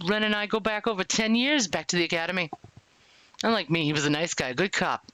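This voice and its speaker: A streamer doing a blunt, gruff cop. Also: mid-range voice, quick pace, bright, forceful tone, no room sound, natural voice. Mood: accusing. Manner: accusing, blunt. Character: hard-nosed male police detective.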